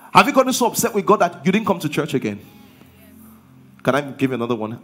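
A man's voice: on the high side, breathy edge. A man preaching a sermon as pastor. He drives his points home with rhetorical questions and call-and-response.

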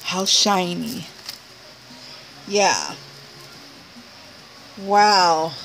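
Gushing woman unboxing gifts, slow-spoken. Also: lowish voice, vocal fry, faint music behind. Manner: gushing, excited, laughs often, exclaims over each item. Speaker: crafts vlogger opening a gift package. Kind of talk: casual unboxing chat to viewers. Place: home at night.

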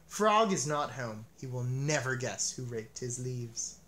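A man voicing Toad, a fussy, excitable male toad in a children's storybook, speaking higher and exclaiming a lot. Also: unhurried. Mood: pleased.

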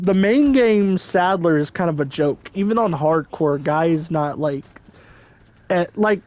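A man with a fairly high voice chats loosely over his gameplay, hedging his guesses and padding his talk with fillers. He keeps it casual and unscripted. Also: darkish tone. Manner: rambling, hedging, filler-heavy. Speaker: gameplay commentator. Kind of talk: casual game commentary.

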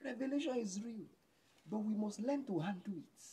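A man's voice: high-pitched, expressive, normal speed, a little hiss or hum. Emphatic Nigerian male preacher. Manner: emphatic, swings between loud exclamations and hushed lines. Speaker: pastor. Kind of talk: sermon.

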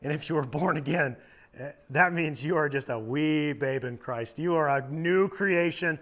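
A man who is a youth minister, giving a casual sermon in a lively, joking conversational way. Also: a little high, normal speed. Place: church youth service.

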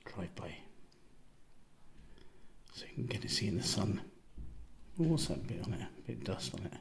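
A man casually reviewing a knife outdoors, relaxed and rambling, often repeating himself and trailing off into a quiet murmur. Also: low voice, moderate pace, vocal fry, whispered. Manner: relaxed, repeats himself, stumbles over words. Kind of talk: casual product review vlog.

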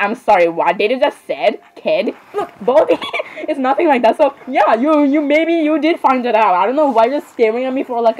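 The audio is dull as a woman gives rambling, casual game commentary in a voice that's on the high side with a darkish tone. She apologizes constantly and giggles at her own asides.

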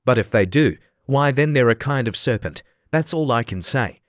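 A man's voice: lively intonation, moderate pace, no echo, studio quality, lightly acted. A man voicing an anxious, contemptuous mother pigeon that shrieks accusations. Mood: shrill, suspicious. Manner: shrill, accusing, sobbing complaint.

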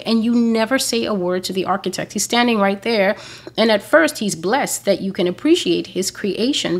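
A woman's voice: mid-range voice, a little fast, husky. A woman preaching an earnest, emphatic sermon, repeating phrases for stress. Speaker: prophecy blog preacher.

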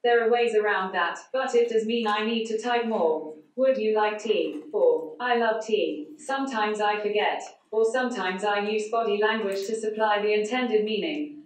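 Using a speech synthesizer, a woman gives her prepared conference talk in a synthetic voice that is flat and lacks intonation, medium in pitch and normal in pace. The large hall echoes, and the voice sounds far away.

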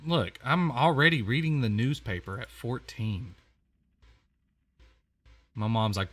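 A man giving casual let's-play commentary on a horror game, chatty and quick to exclaim, often repeating himself. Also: fairly low pitch, fairly bright tone. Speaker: gamer playing a horror game.

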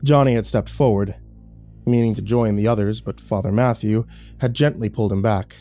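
A man narrating a scripted horror story in a measured, dramatic way. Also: fairly low pitch, steady tone, warm tone, soft background music.

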